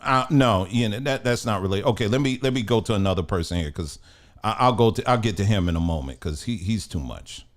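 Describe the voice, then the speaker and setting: A middle-aged man with a lowish, fast voice hosts a casual news commentary show. He rambles, mutters to himself, and laughs often.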